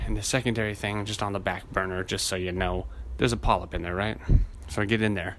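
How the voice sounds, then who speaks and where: A man's voice: fairly low pitch, quick pace, slight background noise. A man hosting a podcast, telling a rambling, profane story and acting out the people in it. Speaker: podcast host. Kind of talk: casual chat.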